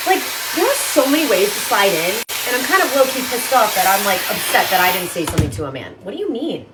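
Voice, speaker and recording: A young woman rants to her phone, swearing freely and sounding fed up. Her voice sits in a middle register. The recording carries a steady noisy hiss underneath. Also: medium pitch, fairly quick, few pauses. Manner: exasperated, profane, animated. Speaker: content creator. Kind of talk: casual rant to camera.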